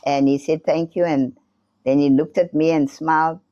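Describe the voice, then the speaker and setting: A woman's voice: deep voice, fairly even intonation, moderate pace, mellow, highs cut off. A woman telling her personal testimony, acting out the voices of others in her story. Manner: earnest storytelling, acts out voices in quotes. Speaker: testimony speaker.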